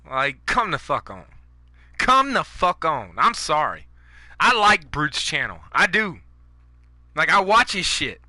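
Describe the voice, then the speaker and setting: Man, gaming commentary rant: high, very bright voice, dry close mic, profane and heated. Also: no room sound. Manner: profane, fired-up ranting. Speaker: gaming YouTuber. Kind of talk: ranting gameplay commentary.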